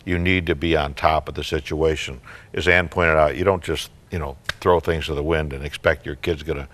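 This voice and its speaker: A man's voice: rumbling low, steady tone, brisk, a bit bright. An older man, a psychologist guest on a talk show, giving parenting advice in a folksy, joking way.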